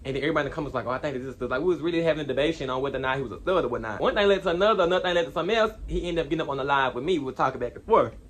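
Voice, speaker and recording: A young man telling a storytime vlog in an animated, slangy way, rambling with asides. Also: on the high side, racing, few pauses. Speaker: vlogger.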